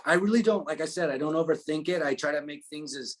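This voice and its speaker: Man in his 30s, musician guest, easygoing and rambling, slightly higher speaking voice. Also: fast. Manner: laid-back, rambling with fillers. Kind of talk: casual interview chat.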